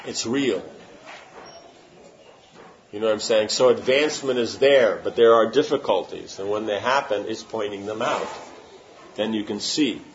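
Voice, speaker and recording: A spiritual teacher gives an informal religious talk, answering questions emphatically and repeatedly asking "you know what I'm saying?" to make sure listeners follow. His voice is on the low side, at normal speed with long pauses, and the muffled lo-fi recording has a little hiss or hum.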